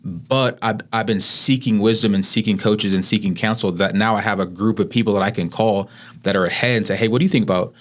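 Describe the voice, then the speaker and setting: A man's voice: on the low side, fairly even intonation, brisk. A man in his thirties who is a pastor, co-hosting a podcast in an earnest, casual way that often ends with "right?". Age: 30s. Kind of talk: casual conversation.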